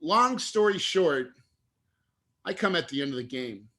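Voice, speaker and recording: Speaking a little slowly, a middle-aged investor appearing as an interview guest recounts his story in a bright, forceful, slightly high voice. Earnest and animated, he gets choked up at moments.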